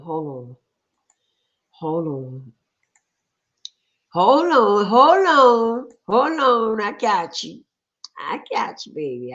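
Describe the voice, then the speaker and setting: Slow-talking hoarse woman livestream host. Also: low-pitched, highs cut off. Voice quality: rough voice. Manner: lively, greets viewers in chatty Southern US slang. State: hoarse from a cold. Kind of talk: casual livestream chat.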